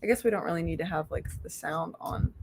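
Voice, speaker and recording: A young woman with a slight lisp from her aligners hosts a book club livestream, chatting casually, laughing a lot and losing her thread. Her voice is on the low side, fast and darkish with a breathy edge, picked up by a computer mic.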